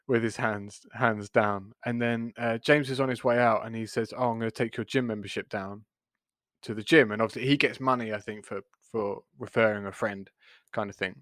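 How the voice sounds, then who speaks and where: A man's voice: medium pitch, a bit bright, no room sound, studio quality. A man co-hosting a podcast, retelling a sitcom episode in a rambling, chatty way with lots of restarts. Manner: rambling, many restarts, chuckles while retelling. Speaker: podcast co-host. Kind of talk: casual chat recapping a sitcom episode.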